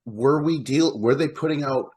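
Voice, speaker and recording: A man's voice: mid-range voice, normal speed, a little mellow, slightly rough. A man co-hosting a casual podcast about horror movies, laid-back, swearing and laughing along. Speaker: podcast co-host.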